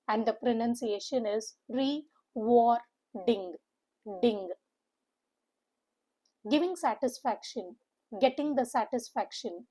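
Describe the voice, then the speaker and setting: A woman teaching vocabulary, spelling out sounds slowly and repeating words for emphasis. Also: a little high, darkish tone, breathy edge, low-quality recording. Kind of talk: online vocabulary lesson.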